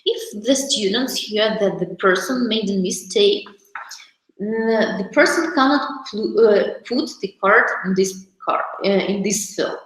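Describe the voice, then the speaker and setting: A woman's voice: medium pitch, measured pace. A woman teacher trainer presenting classroom activities to a group of teachers, explaining step by step with frequent fillers and restarts. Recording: very echoey room.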